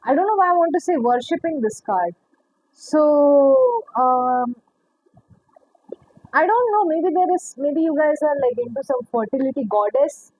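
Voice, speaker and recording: A woman's voice: high voice, lively intonation, measured pace, no echo, highs cut off. A young woman giving a casual tarot reading, rambling, laughing often and swearing casually. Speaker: tarot reader.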